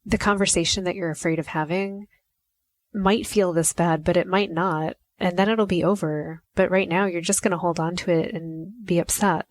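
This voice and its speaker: Solo podcast host, a woman with a lowish voice, close and dry, chatty and reflective. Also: steady tone, normal speed, no echo. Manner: chatty and reflective, often acting out quoted lines. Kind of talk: casual solo podcast talk.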